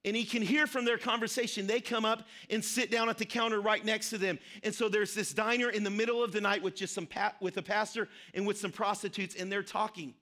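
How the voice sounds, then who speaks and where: A man's voice: high voice, fairly even intonation, brisk, hardly any pauses, bright, forceful tone. A man preaching a sermon, telling a story earnestly and repeating key phrases for emphasis. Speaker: pastor.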